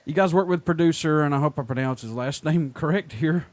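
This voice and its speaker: A man's voice: on the high side, a little fast. A man with a Southern US accent hosting a radio interview, blunt and goofy, joking with his guests. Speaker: radio show host. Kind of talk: casual interview chat.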